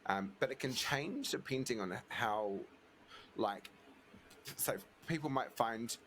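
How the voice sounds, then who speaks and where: A man's voice: mid-range voice, animated, takes it slowly, fairly bright tone, slight background noise. A man co-hosting a casual podcast chat, laid-back and joking, with frequent chuckles. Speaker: podcast co-host.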